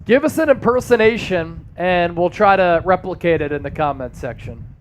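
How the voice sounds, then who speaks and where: A man's voice: a little high, a little hiss or hum. A man hosting a casual sports livestream, joking around and reading viewer comments aloud. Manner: loose, joking, reads chat aloud. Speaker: sports show host.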